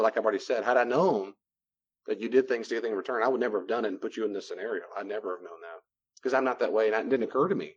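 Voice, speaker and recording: A man's voice: lowish voice, breathy edge, muffled recording. A man giving a conversational teaching talk on boundaries, animatedly acting out both sides of everyday dialogues. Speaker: Christian counselor teaching on boundaries.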